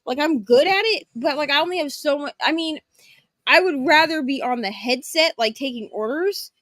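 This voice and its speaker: A young woman with a high voice tells work stories bluntly and frankly, with some casual swearing. She chats easily with a friend on a stream. Her voice is close and dry. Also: expressive, normal speed, fairly bright tone, dry recording. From Florida. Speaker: co-host of a reading stream. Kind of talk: casual chat.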